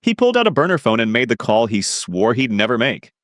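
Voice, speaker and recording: A man's voice: mid-range voice, big pitch swings, fast, no room sound, studio quality. A man narrating a dramatic crime romance story.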